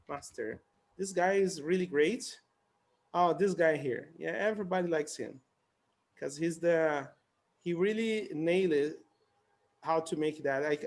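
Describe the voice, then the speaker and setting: A man with a notably high speaking voice runs a relaxed English conversation class on a video call. He chats and laughs easily and repeats new words over and over for his students. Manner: chatty, laughing, repeats words to teach them. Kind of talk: casual online conversation class.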